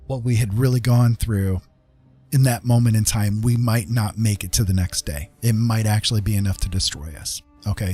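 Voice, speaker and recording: A man hosting a casual live-stream chat, earnest and reassuring, talking haltingly with many fillers and restarts. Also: lowish voice, a little mellow, husky. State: getting a little emotional.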